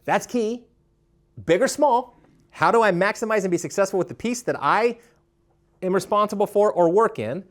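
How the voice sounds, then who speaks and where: A man giving a live leadership workshop, animated, asking the audience questions and stumbling over quick restarts. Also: high-pitched. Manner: animated, asks the crowd questions, stammers on restarts. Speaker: leadership speaker.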